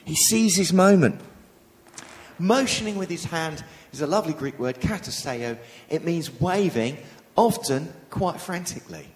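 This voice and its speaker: A minister preaching a sermon into a handheld microphone, acting out quoted figures with vivid emphasis. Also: male voice, on the high side, expressive, measured pace, a little mellow. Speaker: Baptist minister. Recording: long hall reverb.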